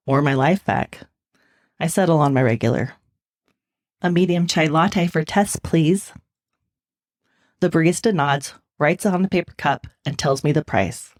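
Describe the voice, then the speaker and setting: A woman's voice: sits low, no room sound, studio quality. A woman author talking candidly in an interview and reading her own novel aloud, laughing easily. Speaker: author and guest.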